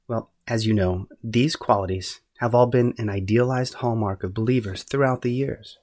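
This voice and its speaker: A man hosting a podcast, giving measured, earnest, scripted Bible-study narration. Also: mid-range voice, mellow. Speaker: podcast host.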